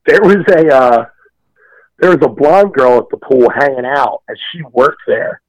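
A man's voice: mid-range voice, animated, moderate pace, dry recording, low-quality recording. Man, podcast co-host, rambling storyteller, lots of fillers, dry close sound. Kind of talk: casual chat.

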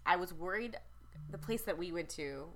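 A woman's voice: on the low side, expressive, moderate pace, a bit bright. A woman in her thirties co-hosting a podcast, chatting casually, often laughing and restarting her sentences. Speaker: podcast co-host. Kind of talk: casual chat.

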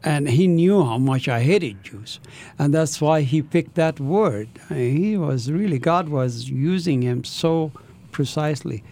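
A man's voice: fairly high pitch, lively intonation, measured pace, darkish tone. A man, an interview guest, telling his life story with an intense, earnest manner.

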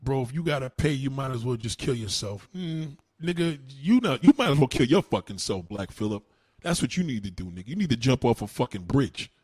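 A man's voice: mid-range voice, very animated, fairly quick, a little mellow, breathy edge, no echo. A man, ranting in a combative way at a livestream's comments, with heavy cursing, slang and repeated retorts. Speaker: livestream host answering comments.

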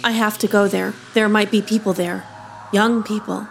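An actress playing a vain, shallow young teacher with a snarky, self-absorbed manner. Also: female voice, mid-range voice, flat delivery, normal speed, vocal fry, soft background music, close to an everyday voice.

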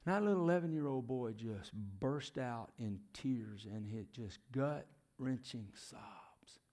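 A man's voice: medium pitch, lively intonation, slow, a little mellow. A middle-aged man preaching a sermon. He questions the congregation and often drops to a near whisper. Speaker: preacher, former youth minister and missionary.

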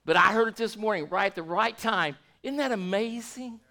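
A man's voice: sits high, moderate pace, bright, forceful tone. A man preaching a sermon to his congregation in a folksy way, restarting words and asking the room questions. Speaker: pastor.

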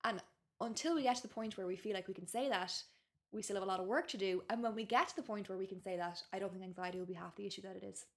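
Her mid-range voice comes out rapid-fire as she talks candidly and chattily on a podcast. She's an Irish author in her thirties appearing as a guest, leaning heavily on "like" and "you know."

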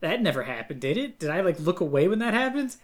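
A man with a somewhat high voice talks through a casual podcast conversation. He is animated, slipping into little acted-out quotes as he talks. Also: fast. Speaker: podcast co-host. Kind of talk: casual chat.

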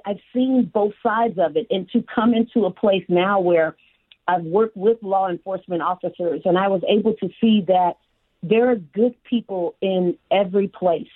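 Sex: woman. From: south side of Chicago. Role: podcast guest. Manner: lively storyteller who acts out others' voices. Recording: tinny, phone-like line, dry with no room sound. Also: mid-range voice, normal speed, no echo. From south side of Chicago, USA. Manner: animated, acts out the voices of people in her stories. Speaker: guest, human resources executive. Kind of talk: personal storytelling in an interview. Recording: phone-like narrow band, dry.

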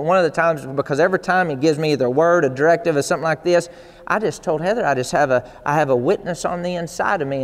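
A man's voice: fairly high pitch, long reverb tail. A male pastor preaching a sermon in an earnest, repetitive way that builds to emphatic peaks.

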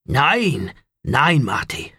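Male reader playing a soft, husky middle-aged German man, accented English, halting, dry close sound. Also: medium pitch, sing-song, no echo, heavily acted. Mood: wistful. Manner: halting, emotional, quiet. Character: older German man, wistful, soft-spoken. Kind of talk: audiobook character reading.

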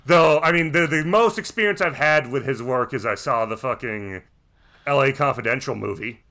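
A man's voice: mid-range voice, moderate pace, bright, forceful tone. A man co-hosting a podcast, chatting casually with a rambling, profane manner and many restarts. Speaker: podcast co-host.

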